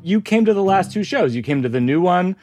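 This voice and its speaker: A man's voice: sits high, expressive, a little fast, a little mellow, faint music behind. A man hosting a podcast interview, talking casually with frequent laughs and stammered restarts. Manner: self-deprecating, laughing often, stammering restarts. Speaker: podcast host.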